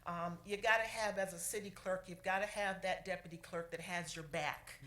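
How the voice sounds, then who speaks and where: A woman serving as city clerk gives a heartfelt, halting tribute at a council meeting, pausing often and fighting back tears. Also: on the low side, steady tone, pushed and bright. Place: council chamber. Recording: echoey chamber with faint room noise.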